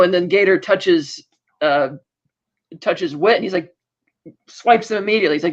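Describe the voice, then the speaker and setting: A male podcast co-host briskly retells an episode in casual chat, acting out the characters' quotes as he goes. His voice is high, and the recording has the highs cut off.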